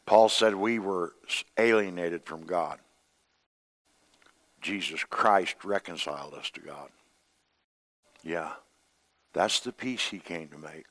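An older man with a low voice preaches a sermon. He swings between loud, emphatic lines and hushed, quiet ones. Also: takes it slowly, long pauses. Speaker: pastor.

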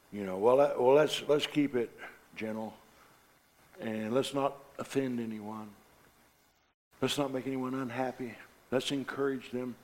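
Impassioned male preacher. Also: mid-range voice. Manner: impassioned, swings from loud to quiet. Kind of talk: sermon.

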